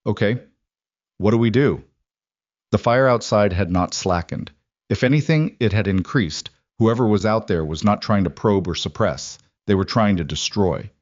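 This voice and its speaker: A man narrating a military thriller story in a steady, dramatic storytelling style, in a dry, slightly muffled recording. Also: fairly low pitch, normal speed, no room sound. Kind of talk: scripted narration.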